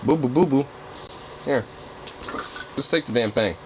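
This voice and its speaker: A man's voice: mid-range voice, unhurried, a bit bright, a little hiss or hum, rough recording. A young man casually reacting to a video while gaming, laughing and swearing in disbelief. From suburban Toronto, Canada. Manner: laughing, incredulous, profane. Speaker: streamer.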